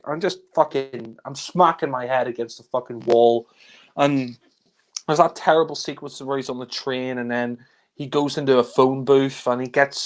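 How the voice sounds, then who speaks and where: A young man ranting in exasperation about a film he hates, swearing often in a casual review chat. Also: mid-range voice.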